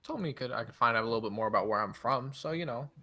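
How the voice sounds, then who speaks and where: A man's voice: mid-range voice, rapid-fire, sharp tone. A man playing in a tabletop game, speaking in character in a hesitant way, with fillers and restarts. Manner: hesitant, fillers, self-correcting. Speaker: player. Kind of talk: tabletop role-play in character.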